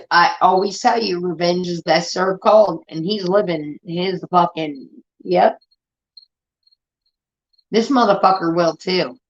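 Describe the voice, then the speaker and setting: A woman from Indiana hosts a livestream, her mid-range voice a little bright as she rants heatedly and swears freely in casual talk. The stream audio is dull and lo-fi.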